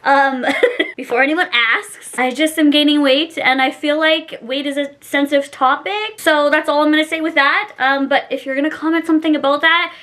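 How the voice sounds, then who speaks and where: A woman's voice: sits high, fairly even intonation, moderate pace, fairly bright tone. A young woman in her twenties chatting casually through a clothing try-on haul, bubbly and giggly, rambling with lots of "like" and "um". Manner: bubbly, giggly, rambling with many likes and ums. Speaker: fashion vlogger.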